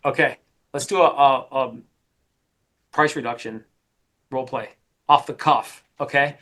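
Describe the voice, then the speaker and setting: A middle-aged man coaching a sales team, talking in an energetic, emphatic way and often repeating his points. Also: mid-range voice, unhurried. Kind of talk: coaching session.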